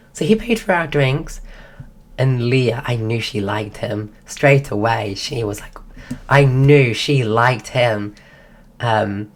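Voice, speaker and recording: A woman streaming, telling a rambling story in casual chat while losing her voice. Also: extremely low pitch. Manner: rambling, full of restarts.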